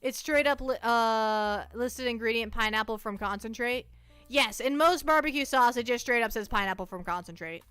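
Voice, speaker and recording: Bright, playful woman streamer. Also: a little high, moderate pace, smooth, dry recording, faint music behind. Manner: playful, rambling, self-mocking. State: jittery from too much caffeine. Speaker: live streamer. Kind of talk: casual chat to a live audience.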